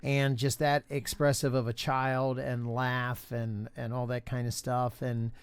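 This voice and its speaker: Older male podcast co-host, resonant voice, casual and halting. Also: medium pitch, flat delivery, clean tone. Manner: halting, many fillers and restarts. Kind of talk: casual chat. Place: home studio.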